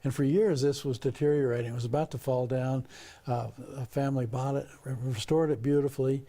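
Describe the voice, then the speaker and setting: Folksy older man, dark voice. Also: mid-range voice, fairly even intonation, fairly quick. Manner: folksy, joking storyteller. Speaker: history expert guest. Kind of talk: TV talk show interview.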